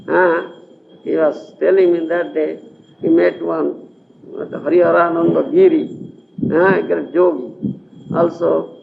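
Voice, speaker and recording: A man's voice: fairly high pitch, vocal fry, narrow, tinny audio, a little hiss or hum. A man giving a scripture lecture, often checking whether his listeners follow him, on an old lecture tape. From India. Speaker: spiritual teacher.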